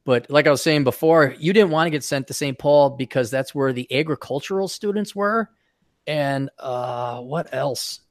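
A man hosting a podcast, telling rambling, animated stories in casual chat with frequent restarts. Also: medium pitch, normal speed, dry recording, studio quality. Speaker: podcast host.

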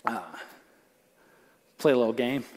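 A male pastor preaching a sermon in an animated, conversational way, full of casual fillers. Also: mid-range voice, a little slow. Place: church auditorium.

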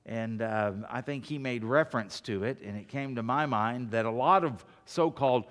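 A man preaching a sermon, swinging from loud, emphatic declarations to quiet, conversational asides. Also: medium pitch, moderate pace, big-room sound. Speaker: pastor.

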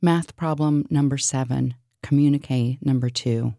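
Deep-voiced woman, deadpan surreal list reading, slow and mellow, dry close sound. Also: creaky, no echo. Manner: deadpan, absurd, listing. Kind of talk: surreal spoken word list.

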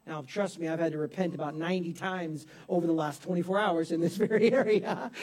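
Male pastor, very high voice, animated sermon delivery with quiet asides and loud peaks. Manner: animated preaching, swings from soft asides to loud emphatic bursts; laughs at himself. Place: church hall with congregation.

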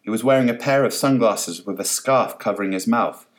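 A man's voice: fairly low pitch, a little fast. A man narrating a comic story aloud with expression. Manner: expressive, reads with many voices. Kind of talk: storybook reading.

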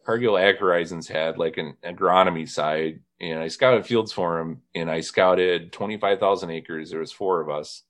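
A man with a very low voice hosts a relaxed conversation. He spins stories, breaks into laughter, and mimics the people he quotes. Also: moderate pace, hardly any pauses. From northern Indiana. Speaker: podcast host. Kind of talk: casual chat.

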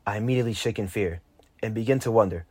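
A teenage boy reading a personal story aloud, lively and lifting his voice for his own quoted lines. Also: racing, slightly rough, no room sound. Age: teens. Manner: lively, jumps higher when quoting his younger self. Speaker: narrator.

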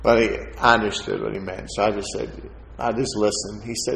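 A man giving a sermon testimony as a preacher, telling his story in an animated way and acting out the voices of the people in it. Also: fairly low pitch, a little fast, gravelly, hardly any pauses. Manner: animated storyteller, acts out quoted voices with laughter. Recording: echoey hall with faint ambience.

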